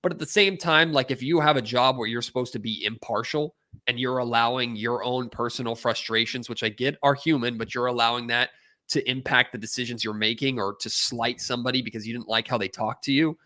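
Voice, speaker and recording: An animated man on a sports talk broadcast, ranting with real emphasis. His voice is bright and forceful, and he gets heated as he argues his case. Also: mid-range voice, a little fast. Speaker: sports anchor guest. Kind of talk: sports radio discussion.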